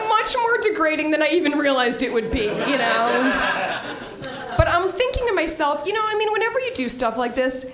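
A young woman telling a funny story on a live stage, laughing and acting out her own screams as she goes. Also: high voice. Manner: animated, laughing, acts out screams. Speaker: storyteller guest. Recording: roomy live venue with crowd. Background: audience.

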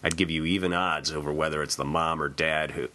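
A man's voice: a bass voice, fairly even intonation, fairly quick, pushed and bright, slight background noise. A man voicing a blunt, easygoing male police officer who talks casually and plainly.

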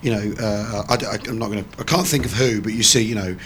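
A man's voice: fairly low pitch, steady tone, quick pace, a bit bright, a little hiss or hum. Rambling male comedian on a panel. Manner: rambling, hesitant, many restarts. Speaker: comedian guest. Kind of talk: panel chat between comedians. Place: comedy venue with a live audience.

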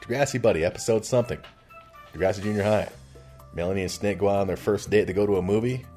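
A man's voice: on the low side, fast, mellow. A middle-aged man casually recapping a TV episode, chatty and laughing often, with asides, faint music behind. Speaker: podcast host recapping a TV show.

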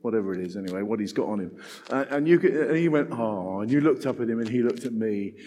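An older man preaching a sermon in an animated, conversational way, with self-deprecating asides. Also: medium pitch, fast talker, big-room sound.

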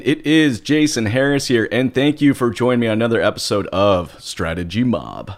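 A man's voice: mid-range voice, animated, normal speed, few pauses. A man hosting a podcast, upbeat and joking, chatting casually with guests. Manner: upbeat, laughs often, joking. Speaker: podcast host.

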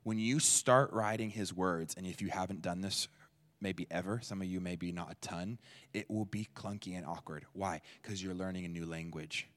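A man preaching a sermon in a church, talking in a conversational, energetic way and acting out quoted people. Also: moderate pace. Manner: conversational and energetic, jumps into playful high-pitched voices for quoted people. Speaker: pastor.

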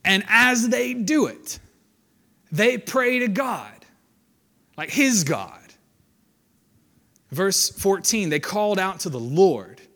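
A man's voice: medium pitch, sharp tone. A man preaching a conversational sermon, reading scripture aloud and then commenting on it in a casual way.

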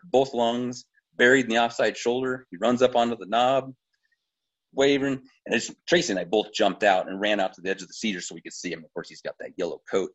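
Middle-aged american guy going on about a hunt, kinda low husky voice, muffled audio. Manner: animated, rambling hunting story with restarts. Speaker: podcast guest, bowhunter. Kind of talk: casual storytelling.

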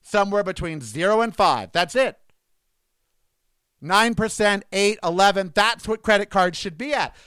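A man's voice: high voice, lively intonation, moderate pace, pushed and bright, smooth, no echo. A man turning sixty, ranting indignantly and sarcastically in a monologue, repeating himself for emphasis. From United States. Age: 50s.

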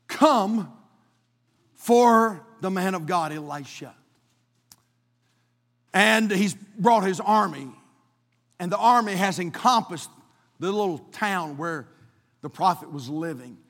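A male pastor preaching a dramatic sermon, swinging from hushed tones to shouting, in a church sanctuary. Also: sits high, animated, slow pace, pauses often, big-room sound.

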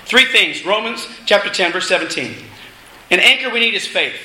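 A middle-aged man preaching a sermon, telling a family story in a casual, animated way with laughing asides. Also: sits high, moderate pace. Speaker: minister. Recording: echoey room with faint noise.

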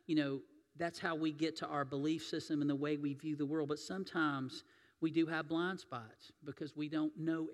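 Man, pastor, folksy sermon storytelling, fairly high voice, long church reverb. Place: church sanctuary.

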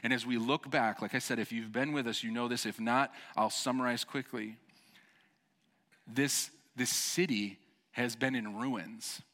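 Animated preacher man in a reverberant church. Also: medium pitch, a little slow. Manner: animated, jokey, acts out voices of the people he preaches about. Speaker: pastor. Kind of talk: sermon. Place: church sanctuary.

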